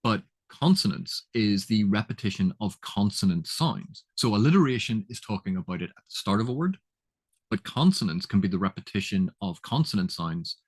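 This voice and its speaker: A man's voice: lowish voice, husky. A man giving a chatty, casual lesson on literary terms, laughing at his own examples and often restarting his sentences. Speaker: literature educator.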